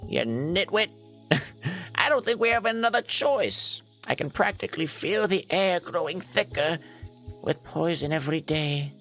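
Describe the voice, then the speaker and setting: A man voicing a blunt game companion, reading dialogue aloud with lively swings. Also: on the high side, measured pace, soft background music, voice pushed up. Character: blunt brave companion who insults friends.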